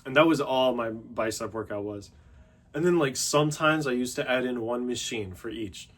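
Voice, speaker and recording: A man's voice: medium pitch, moderate pace, a bit bright. Rambling young man on gym talk. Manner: loose, filler-heavy, self-mocking. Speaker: fitness vlogger. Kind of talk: casual rambling monologue.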